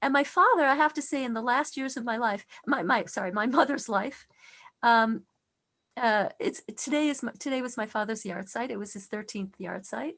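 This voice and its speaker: Middle-aged woman teacher, higher register, earnest and expressive, tells a personal story with restarts. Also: normal speed. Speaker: class teacher.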